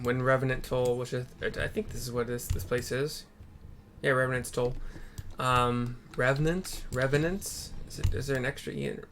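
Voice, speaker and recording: A man's voice: mid-range voice, creaky, a bit bright, a little hiss or hum. A man casually narrating a story game for blind viewers, swearing and thinking aloud.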